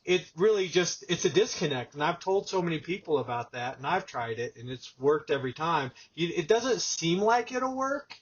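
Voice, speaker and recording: Host type: husky male voice, higher pitched, animated storyteller, dull lo-fi audio. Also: normal speed, hardly any pauses. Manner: animated storyteller, acts out quotes. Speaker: podcast host. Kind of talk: casual conversation.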